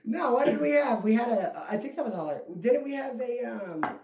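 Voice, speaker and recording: A man's voice: very high-pitched, lively intonation, normal speed, darkish tone. A man co-hosting a podcast, rambling casually with lots of fillers and swearing. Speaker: podcast co-host. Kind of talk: casual chat. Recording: roomy echo.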